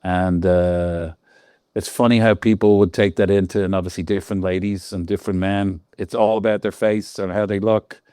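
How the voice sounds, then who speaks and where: An Irish man in his sixties, a guest on an interview show, telling lively stories full of laughs and quoted voices. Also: sits low, moderate pace, smooth, no room sound, studio quality. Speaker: guest lighting designer. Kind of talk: casual interview storytelling.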